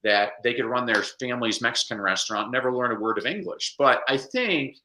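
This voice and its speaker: A man speaking as a guest in a casual interview, animated and playful, often putting on quick voices to make a point. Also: medium pitch, reverberant, crowd noise, low-quality recording. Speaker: guest speaker and literacy coach. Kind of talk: casual video call interview.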